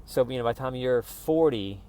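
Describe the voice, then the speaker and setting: A man's voice: mid-range voice, fairly quick, warm tone, clear, resonant tone. A man ranting casually to camera in a profane, rambling, frustrated way, with music playing faintly behind him. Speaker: vlogger.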